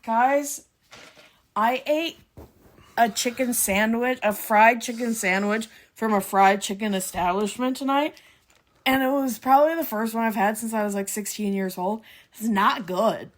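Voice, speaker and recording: A Canadian woman co-hosting a podcast in casual chat, chatty and excitable, quick to gasp and laugh. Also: on the high side. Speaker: podcast co-host.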